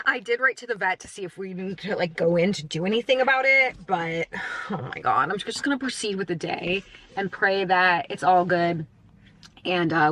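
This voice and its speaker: A woman's voice: on the low side, normal speed, fairly bright tone. Chatty woman vlogging from her car. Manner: chatty, self-mocking, rambling with fillers. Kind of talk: casual vlog chat to camera. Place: car, parked.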